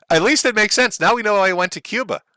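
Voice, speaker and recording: A male livestream host delivers an animated, profane, mocking rant at normal speed, laughing at his own jokes along the way. His tone is bright and tense, with big swings in pitch. The recording is close and dry, with no echo and no sense of a room.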